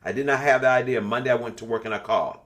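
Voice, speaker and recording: A man's voice: medium pitch, very fast, fairly bright tone. Profane older man telling stories. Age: 60s. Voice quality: blunt, profane, storytelling. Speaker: class leader. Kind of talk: casual spiritual talk to an online class.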